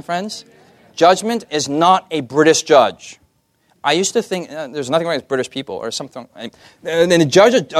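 A man preaching a sermon in a lively, joking way, often asking his listeners for an "amen". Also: fairly high pitch, no room sound. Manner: lively, asks the audience "amen?" often, jokey asides.

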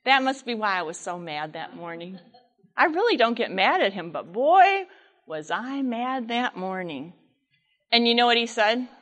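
A woman giving a sermon talk, telling a story in a lively, animated way with asides to the congregation. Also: fairly high pitch, moderate pace. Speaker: speaker at church.

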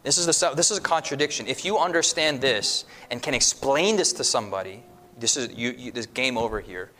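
At a church seminar, a man delivers a spirited religious teaching, voicing the people he quotes and letting his pitch rise and fall for emphasis. His voice sits at medium pitch, moves a little quickly, and there's slight background noise.

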